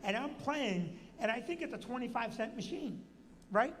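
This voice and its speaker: Animated New Jersey male host, storyteller who acts out quotes; reverberant hall. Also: normal speed. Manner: animated, acts out quotes with big pitch jumps. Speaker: comedian and show host. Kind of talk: storytelling on a live show.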